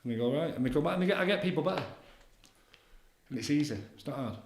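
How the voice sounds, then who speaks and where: In an echoey, roomy room with slight background noise, a middle-aged addiction counsellor talks bluntly on a casual podcast interview. His voice is a little high with lively intonation and a rapid-fire pace, and he repeats himself and relies on tag questions.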